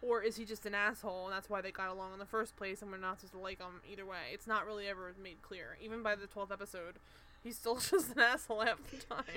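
A woman's voice: medium pitch, fairly even intonation, fast talker, bright, forceful tone, slight background noise. A woman co-hosting a podcast, chatting casually and animatedly with lots of fillers, acting out characters' lines. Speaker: podcast co-host. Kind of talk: casual chat recapping a TV show.

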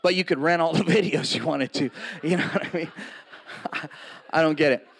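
High-voiced man preaching to a congregation. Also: normal speed, fairly bright tone, a little hiss or hum. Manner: conversational, joking, with laughs and asides to the audience. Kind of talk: sermon. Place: in front of a live congregation.

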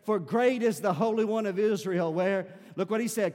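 A male pastor preaching a sermon, building from quiet, conversational teaching to loud, fervent shouting. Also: high-pitched, normal speed, in a large hall.

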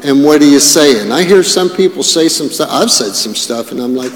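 A man preaching a sermon as pastor, animated and full of rhetorical questions and asides. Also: a little high, normal speed. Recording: echoey hall with long reverb.

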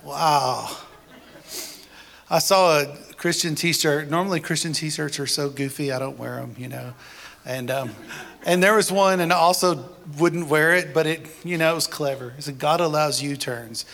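A man's voice: on the high side, moderate pace, vocal fry, fairly bright tone. A man preaching a sermon in a conversational style, joking with the congregation and building to emphatic declarations. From Texas. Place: church service before a congregation.

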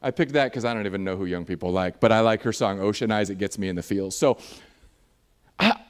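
A man preaching a sermon in a church, animated and jokey, acting out voices as he talks. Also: lowish voice, fairly quick, clear, resonant tone. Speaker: pastor.

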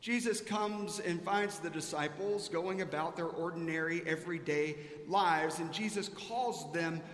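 A man's voice: a little high, measured pace, a bit bright. A male pastor preaching a sermon and telling a personal story, acting out the voices of the people he quotes. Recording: echoey hall with faint ambience.

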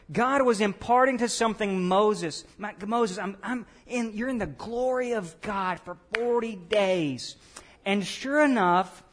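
A pastor preaching a sermon in a conversational way, tossing questions and asides to the congregation. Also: male voice, high voice, a bit bright.

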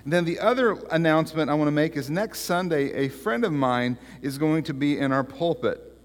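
A man giving church announcements as pastor. He talks haltingly, with many fillers and restarts, and grows animated when he tells stories. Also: a little high. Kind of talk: church announcements and joke telling. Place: church sanctuary. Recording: long church hall reverb.

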